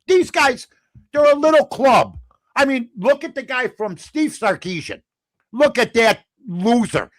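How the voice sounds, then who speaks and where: A man's voice: extremely high pitch, unhurried, dry recording. An older man, a sports talk guest, telling stories and ranting in casual chat. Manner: animated, ranting storyteller.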